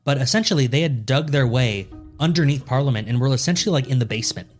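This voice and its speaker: A man's voice: medium pitch, lively intonation, fast talker, faint music behind. A man co-hosting a podcast, telling a history story in a loose, joking way and swearing freely. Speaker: podcast co-host. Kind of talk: casual storytelling chat.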